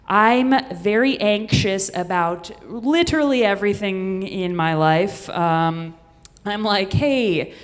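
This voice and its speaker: A woman from the Midwest tells a funny story live on stage, chatty and self-mocking, full of rambling asides. Her voice sits at an everyday middle pitch. The room gives it a long, ringing reverb. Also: slow pace. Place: stage in a venue with an audience.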